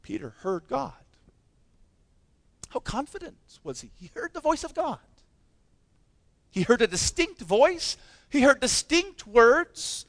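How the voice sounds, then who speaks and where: A man's voice: very high-pitched, sing-song, slow, creaky, pauses often, fairly bright tone, no echo. A man preaching a sermon as pastor, impassioned and emphatic, with many rhetorical questions.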